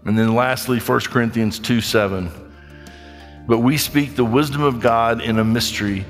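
A man preaching a sermon, reading scripture and acting out skeptics in quick, animated asides. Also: mid-range voice, long reverb tail, faint music behind. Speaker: pastor.

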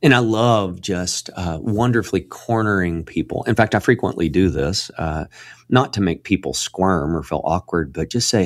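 A man speaking as a guest in a Christian radio interview, earnest and preacherly, often restarting and repeating words, and rising to emphatic peaks when he gets excited. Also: low-pitched, normal speed, no echo.

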